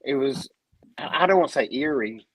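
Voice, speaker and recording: A male guest musician who speaks slowly and thoughtfully, starting his sentences over. His voice is mid-pitched, and a faint hiss sits under it. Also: expressive, poor audio. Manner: halting, reflective, with many restarts. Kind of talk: casual chat.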